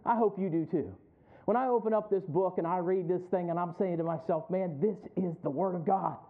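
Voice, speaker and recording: Man, pastor, preaching, emphatic call-and-response, high-pitched, thin phone-like sound. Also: fairly quick. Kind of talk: sermon.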